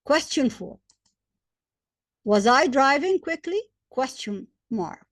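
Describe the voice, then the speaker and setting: A woman with Arabic as her first language teaches English grammar at a slow, careful pace. Her fairly high voice rises and falls a lot as she stresses each example and spells out letters. The recording is dry and close. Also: big pitch swings, no echo. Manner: hesitant fillers between points. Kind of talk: slow, deliberate grammar lesson.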